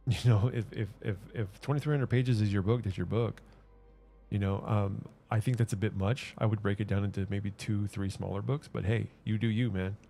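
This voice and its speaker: A man with a low, gravelly, mellow voice talks while he plays, rambling through his stories. He trips over his words and restarts his sentences often. Quiet game music plays underneath. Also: steady tone, normal speed. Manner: hesitant, many restarts and fillers. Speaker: gaming streamer. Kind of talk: casual rambling chat while gaming.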